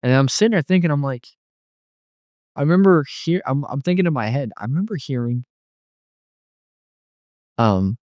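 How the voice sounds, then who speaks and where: A man's voice: medium pitch, animated, moderate pace, pauses often, dry recording, highs cut off. A man casually telling a personal testimony, rambling with many fillers and restarts. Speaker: guest telling a near-death story.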